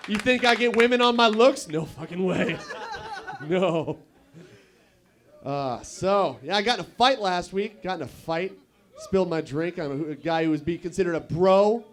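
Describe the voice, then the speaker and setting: Young guy doing open mic standup, kinda high voice, crude rambling jokes, chats with the crowd. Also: normal speed, a bit bright. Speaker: stand-up comedian.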